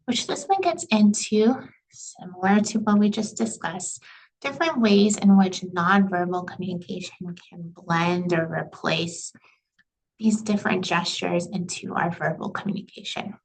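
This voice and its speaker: A woman teaching a recorded class lecture with a slightly gravelly, fry-tinged voice. She talks casually and conversationally, leaning on "you know" and "right". Her pitch sits in a middle range for a woman. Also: low-quality recording. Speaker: instructor.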